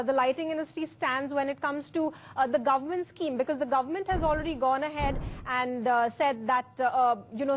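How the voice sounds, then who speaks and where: A woman moderating a panel discussion, asking brisk questions with frequent fillers. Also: high-pitched.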